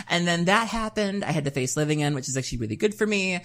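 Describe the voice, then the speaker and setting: A woman with a low-pitched voice chats casually on a podcast. She tells her stories with animated, exasperated leaps up in pitch. Her delivery is conversational and expressive. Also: quick pace, few pauses. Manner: animated storyteller, big pitch jumps when exasperated. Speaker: podcast co-host.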